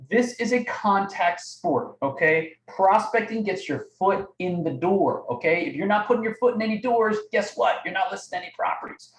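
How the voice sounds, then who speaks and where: An energetic man coaching a live online audience, his voice sitting a bit high. He keeps asking "right?" and "okay?". The sound is echoey, as if he is in a bare room. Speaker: webinar host. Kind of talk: live sales training talk.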